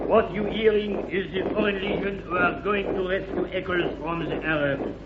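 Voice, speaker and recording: Man playing a pompous legion captain, fake french swagger, loud hiss on an old muffled radio tape. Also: high voice, fairly even intonation, moderate pace, close to an everyday voice. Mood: blustering. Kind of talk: 1950s radio comedy acting. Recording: hissy muffled 1950s radio recording.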